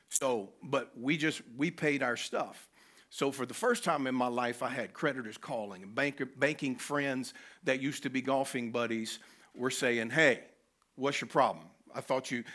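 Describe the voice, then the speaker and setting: A man's voice: medium pitch, fairly bright tone. A man, telling a personal story animatedly as a conference speaker. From North Carolina, US. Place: conference venue.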